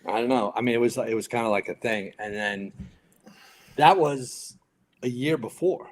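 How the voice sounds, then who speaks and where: A man in his fifties from New York, a retired firefighter and podcast guest, telling stories in a lively way and acting out other people's lines. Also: medium pitch, moderate pace. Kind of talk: casual storytelling interview.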